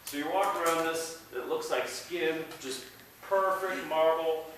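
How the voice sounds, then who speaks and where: A man teaching an art class, playful, shouting mnemonic chants with his students. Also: a little high, unhurried, a little hiss or hum. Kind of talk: classroom lecture. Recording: echoey classroom from a distance.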